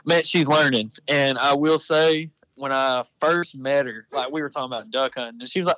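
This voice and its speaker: A founder of an apparel company from Texas, guesting on a laid-back podcast, tells hunting stories in a brisk, steady, fairly bright voice of medium pitch. His telling rambles and doubles back on itself. The low-quality recording has no room sound.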